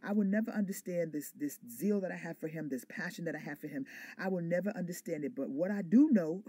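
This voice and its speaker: A woman's voice: on the low side, fast talker, hardly any pauses, dark tone, husky, no room sound. A woman preacher delivering a sermon with fervent, repetitive call-and-response phrasing.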